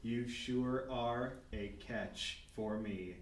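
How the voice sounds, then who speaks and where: A man's voice: medium pitch, very slow. A man voicing a sappy, doting wife in a tabletop game scene. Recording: roomy, distant mic, faint noise.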